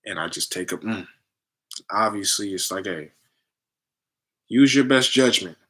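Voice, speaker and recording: A man giving a casual spiritual talk, telling animated stories with loose slang and acting out other people in raised voices. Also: measured pace, breathy edge. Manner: animated storytelling, acts out others in high voices.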